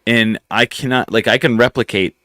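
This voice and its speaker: A man from near West Texas hosting a casual podcast, animated and quick to slip into voices while telling stories. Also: medium pitch, dry recording, studio quality. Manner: animated, jumps into voices and impressions. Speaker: podcast host. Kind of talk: casual chat.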